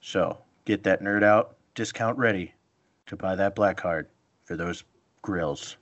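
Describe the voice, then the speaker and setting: A man's voice: low voice, slow pace, lo-fi sound, heavy background noise. A man co-hosting a casual podcast, joking and talking over his friends. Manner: jokey, animated, talks over others. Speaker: podcast co-host. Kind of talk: casual banter.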